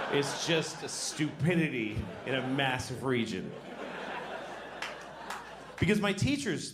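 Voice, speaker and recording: A man from Boston with a Boston accent doing stand-up comedy in a wry, rambling way that trails off mid-thought. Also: medium pitch. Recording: roomy club with audience noise.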